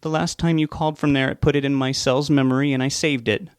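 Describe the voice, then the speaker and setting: A man's voice: medium pitch, steady tone, fast, clean tone, dry recording, clean studio sound, voice pushed up, close to an everyday voice. A man putting on a pleading, tearful mother. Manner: tearful, insistent. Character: grieving, pleading middle-aged mother.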